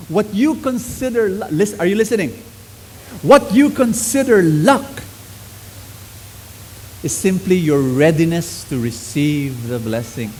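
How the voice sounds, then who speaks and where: A middle-aged man preaching a sermon to a congregation, swinging between loud exclamations and soft, low lines. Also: a little hiss or hum, poor audio.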